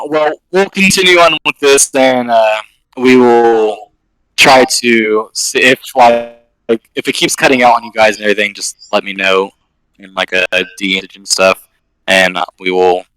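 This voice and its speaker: A man's voice: fairly low pitch, sharp tone, clear, resonant tone, no room sound, rough recording. A man narrating as game master in a casual, rambling way, with lots of fillers.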